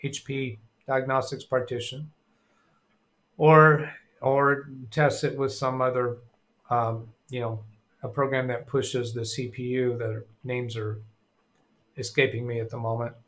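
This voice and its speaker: A middle-aged man hosts a casual live tech stream, rambling as he reads chat aloud. He thinks out loud and fills pauses with ums and uhs. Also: medium pitch, little pitch movement.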